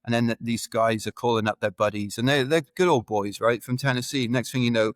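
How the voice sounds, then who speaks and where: As a guest on a podcast, this man from the United Kingdom rambles through self-deprecating stories in a casual, anecdotal way. He speaks fairly quickly in a mid-range voice, with no echo.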